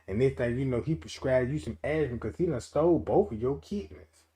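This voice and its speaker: A man doing a loud comedic livestream rant, animated and profane, laughing often and acting out quotes in different voices. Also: mid-range voice, brisk, a little hiss or hum. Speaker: streamer.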